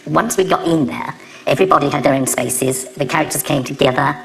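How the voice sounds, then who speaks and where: A man's voice: a little high, fairly quick, gravelly, a bit bright, soft background music, low-quality recording. A man, a TV director, recalling in a plain, matter-of-fact way in an interview. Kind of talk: interview recollection.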